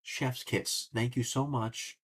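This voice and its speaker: A man's voice: mid-range voice, steady tone, takes it slowly, husky. A young man hosting a casual sports podcast, opinionated and rambling, cursing now and then. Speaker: podcast host.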